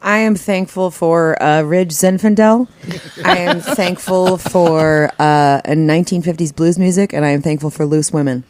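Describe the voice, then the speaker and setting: A low-voiced woman from Kentucky tells brash stories. She is a guest on a talk show and talks loosely and casually. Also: a little slow. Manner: brash, lively storyteller. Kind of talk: casual chat.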